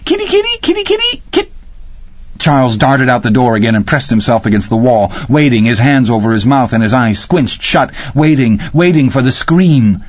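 A man narrating a story in a measured, even way. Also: mid-range voice, husky, no echo, muffled recording. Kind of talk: audiobook narration.

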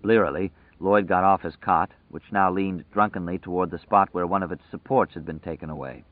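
A man narrating a story in a measured, vivid storytelling manner, over tinny phone-like audio. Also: deep voice, fairly even intonation, dry recording. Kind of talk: scripted narration.

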